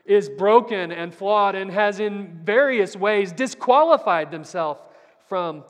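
A man preaching a Sunday Bible class sermon, telling a story earnestly and swinging from loud to very soft. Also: sits high, slow pace. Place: church. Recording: long church hall reverb.

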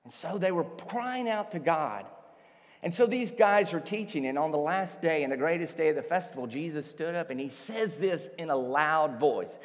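A man preaching a sermon, telling a story with lively acted-out voices as a pastor. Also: on the high side, moderate pace, big-room sound. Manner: animated storytelling, acts out voices.

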